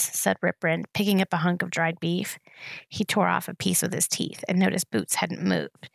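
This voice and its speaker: A woman reading a novel aloud in a steady storytelling manner. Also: fairly low pitch, moderate pace, creaky, no echo. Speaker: audiobook reader.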